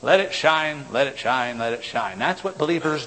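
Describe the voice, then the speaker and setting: A man preaching a sermon, swinging from loud exhortation to low, intense tones. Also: lively intonation, unhurried. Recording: long hall reverb.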